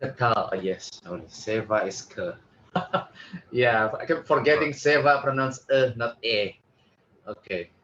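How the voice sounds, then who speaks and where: Slow, hesitant man. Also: medium pitch, fairly bright tone, dull audio, a little hiss or hum. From Indonesia. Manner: slow, hesitant, repeats words while sounding them out. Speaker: student. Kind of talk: language lesson practice.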